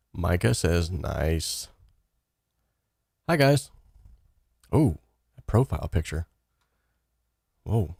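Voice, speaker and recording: Low-voiced man hosting a live chat. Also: no echo, studio quality. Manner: energetic, rambling, reads chat comments aloud. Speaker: live stream host answering chat questions. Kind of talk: casual live stream chat.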